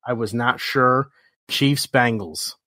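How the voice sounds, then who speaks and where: A man's voice: medium pitch, takes it slowly, bright, forceful tone, dry recording. Man, casual sports podcast co-host, rambling and swearing, dry close sound. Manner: rambling storyteller, acts out quoted voices, swears.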